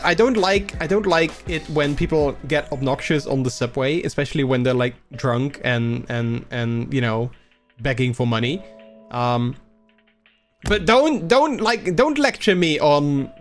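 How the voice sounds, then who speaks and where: A young man hosting a casual livestream, rambling and halting with many restarts while a little under the weather. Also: a little high. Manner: acts out quoted people in a raised voice. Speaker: livestream host.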